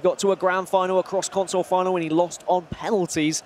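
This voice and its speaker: A man's voice: sits high, little pitch movement, quick pace, a little mellow, a little hiss or hum. A man providing colour commentary on an esports football match, explaining play in a chatty, analytical way.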